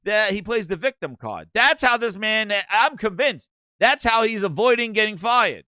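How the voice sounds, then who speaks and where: A man hosting a gaming show in casual comedic chat, excitable, joking, and profane. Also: high-pitched, moderate pace, dry recording, clean studio sound.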